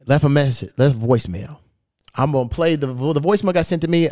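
A man's voice: a little high, quick pace, darkish tone, no echo, clean studio sound. A man hosting a podcast, telling a story in casual chat, cursing freely and quoting messages aloud with amusement. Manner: profane, amused, quotes texts aloud. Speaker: podcast host.

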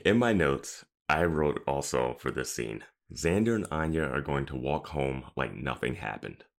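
A young man co-hosting a casual podcast, laid-back and quick to laugh. His voice is extremely deep with a gravelly rasp. He chimes in with easy agreement while recapping. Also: animated. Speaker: podcast co-host. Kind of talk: casual chat recapping a show.

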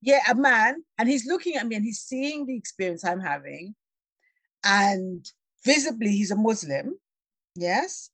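A woman telling a personal travel story in a conversation, lively and laughing, acting out the voices of the people she quotes. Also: mid-range voice, unhurried, husky, dry recording. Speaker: guest.

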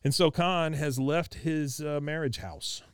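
Male podcast host, casual recap, smooth clear voice, dry close mic. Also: a little high, measured pace, no room sound. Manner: chatty, laughs often, many fillers.

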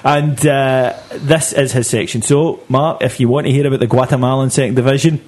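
A man hosts a football chat show with an easy teasing humour. He often breaks into laughter. His voice is husky and sits at a middling pitch. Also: fairly even intonation, fairly quick, a little mellow. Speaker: podcast host. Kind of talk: casual football podcast banter.

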